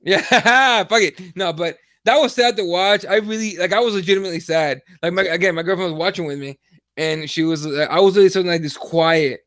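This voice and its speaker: Brief: young man, high pitched, animated and foul-mouthed podcast co-host, dry close sound. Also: brisk, no echo. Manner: profane, animated storytelling. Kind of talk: casual chat.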